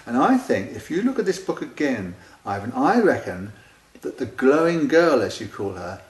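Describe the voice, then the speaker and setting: Man, author answering fan letters, chatty and personal, mid pitch, roomy echo. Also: big pitch swings, normal speed. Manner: chatty, addresses each reader by name, reads out their lines. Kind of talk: casual spoken replies to letters.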